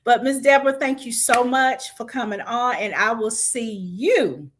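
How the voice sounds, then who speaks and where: A woman's voice: a little high, a little slow. A woman hosting a casual livestream, chatty and hyping up events for her audience. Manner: lively, hype, chatty with the audience. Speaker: livestream show host. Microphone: video call style stream mic.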